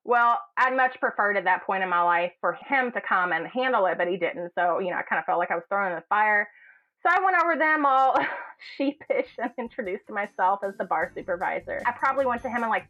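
A woman's voice: medium pitch, fairly quick, soft background music. A woman from Kentucky telling a story casually, acting out the people in it with shifting voices. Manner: animated, acts out quotes in shifting voices. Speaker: guest, hotel general manager.

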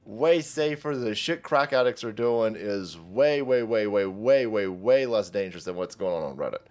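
A man's voice: fairly low pitch, animated, normal speed, darkish tone, faint music behind. A man hosting a ranting commentary show, talking in a crude, mocking way and laughing often. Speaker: host.

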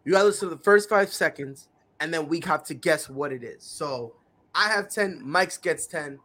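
A man co-hosting a podcast in casual chat, excitable and slangy, trash-talking his friend. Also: on the high side, moderate pace. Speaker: podcast co-host.

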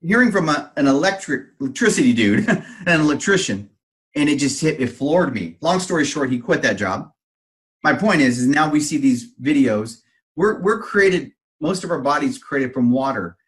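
A man hosting a podcast in a casual interview, telling stories in an animated way with fillers and restarts. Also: a little high, moderate pace. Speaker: podcast host.

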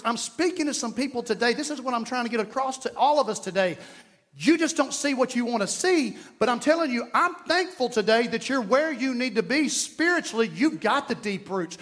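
A man's voice: very high-pitched, fairly bright tone. A man with an East Texas accent preaching a sermon as pastor, emphatic and folksy, repeating key lines and telling jokes. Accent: Southern US, East Texas.

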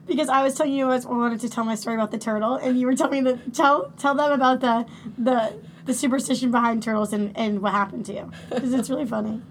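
Woman cohost, really high voice, rambly storytelling, teasing. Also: steady tone, quick pace, slight background noise. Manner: teasing, rambling, with many restarts and fillers. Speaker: podcast co-host. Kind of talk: casual chat, storytelling.

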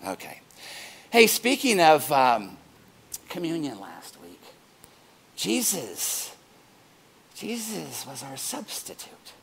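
A man's voice: a little high, huge pitch swings, slow pace, gravelly, long pauses, fairly bright tone. A middle-aged man preaching a sermon as pastor, playful and joking between points.

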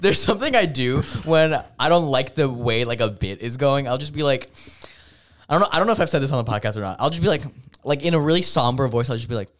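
A man's voice: medium pitch, expressive, fast talker. A young man co-hosting a casual podcast, talking in a jokey way, swearing and laughing often. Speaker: podcast co-host. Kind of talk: casual chat.

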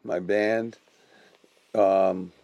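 A man co-hosting a podcast, high and rambling in profane, laughing casual banter. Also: flat delivery, drawn-out words, no room sound, lo-fi sound. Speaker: podcast co-host.

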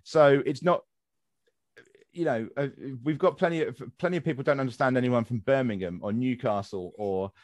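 A man's voice: medium pitch, moderate pace, darkish tone, dry recording. A young English man hosting a casual podcast chat, rambling with lots of fillers and restarts. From England. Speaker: podcast host.

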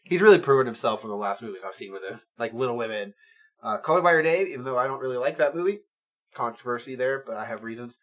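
A man co-hosting a podcast, chatting casually about movies, animated and swearing freely as he retells scenes. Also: mid-range voice, fast. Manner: animated, swears freely, acts out quotes in silly voices. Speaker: podcast co-host. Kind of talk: casual movie review chat.

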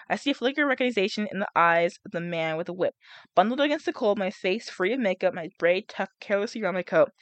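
A woman's voice: mid-range voice, lively intonation, fast, no room sound. A young woman reading a novel aloud and breaking off to chat and react, with laughs and groans between passages. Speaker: reader and vlogger.

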